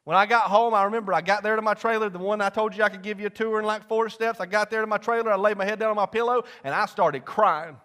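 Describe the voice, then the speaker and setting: High-voiced man preaching. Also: fairly even intonation, fast talker, few pauses. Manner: folksy storytelling, swings from loud to hushed. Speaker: pastor. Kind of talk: sermon testimony.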